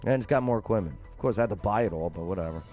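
A man's voice: on the low side, racing, a little mellow, soft background music. A man co-hosting a local show, joking and teasing in casual banter. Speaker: co-host.

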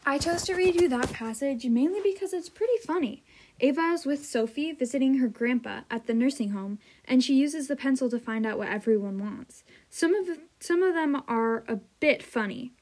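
A woman reviewing a book and reading a passage aloud, earnest and sometimes halting over her words. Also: sits high, animated, a little mellow, low-quality recording. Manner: earnest, with slow, halting restarts when speaking freely.

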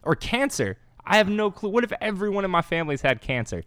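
A man co-hosting a podcast in casual chat, relaxed and making dry quips with casual swearing. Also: sits high, fast talker, smooth, dry recording. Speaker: podcast co-host.

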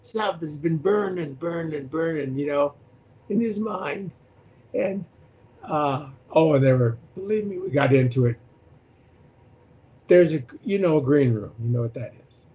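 A man's voice: on the high side, measured pace. Older man telling political war stories. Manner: animated, repeats words and restarts, acts out quotes. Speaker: guest, former political candidate. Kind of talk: anecdotal storytelling in conversation.

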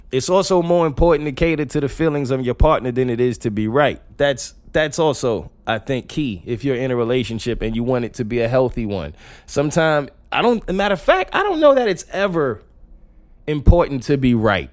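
Animated man telling stories. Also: medium pitch, a little fast. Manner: animated, laughs through his stories. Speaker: podcast host. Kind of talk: casual storytelling monologue.

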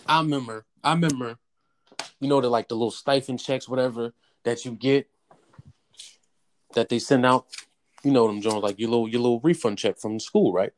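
A young man in casual chat telling a story in an animated, profane way. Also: moderate pace, pauses often, a little hiss or hum. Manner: animated, profane storytelling with raised-pitch quotes.

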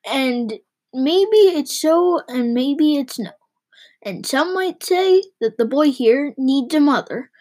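A woman's voice: sits high, lively intonation, slow pace, darkish tone. A woman voicing a reckless, boastful male mail-coach driver who bellows and sings out his words.

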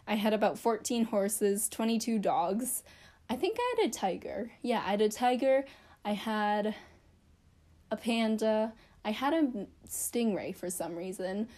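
A young woman vlogging, telling a casual, rambling story to camera with playful asides and quick self-corrections. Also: medium pitch, mellow.

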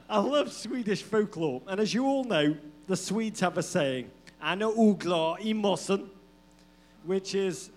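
A man's voice: high-pitched, lively intonation, a little slow. A man co-hosting a live comedic football podcast, telling stories in a playful, mock-dramatic way and laughing often. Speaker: podcast co-host. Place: live show venue.

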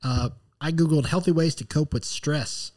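A man's voice: a little high, moderate pace, a little mellow. A man, a pastor co-hosting a podcast, chatting in a playful, joking way and reading items off a list. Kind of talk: casual conversational podcast.

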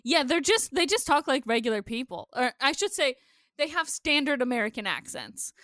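Female co-host, high and bright, casual and profane, dry recording. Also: moderate pace, no echo. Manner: profane, animated ranting. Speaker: podcast co-host. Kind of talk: casual chat.

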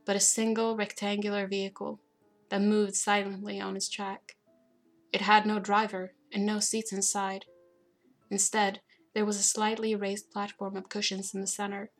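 A woman narrating a novel aloud in a steady, even way. Her pitch barely moves and stays level from line to line. Quiet music plays faintly behind her reading. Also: vocal fry. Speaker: audiobook narrator. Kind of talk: storybook narration.

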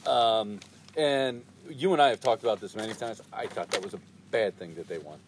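A man's voice: on the low side, moderate pace, noisy background. A man in his fifties in casual chat, laid-back, laughing often and trailing into asides.

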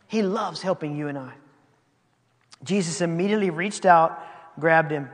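A man preaches a sermon in a high, light voice, reading passages aloud and breaking into casual, laughing asides. His words ring out with a long reverb, as if in a large hall. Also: moderate pace, long pauses. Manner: conversational, reads scripture then comments, laughing asides. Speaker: pastor.

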